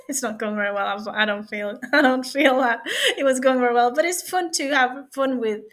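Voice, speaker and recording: A woman's voice: high-pitched, normal speed, fairly bright tone. A Norwegian woman speaking English, talking into a webcam at home in a playful, giggly, rambling way. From Norway. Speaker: vlogger. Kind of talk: casual vlog chat.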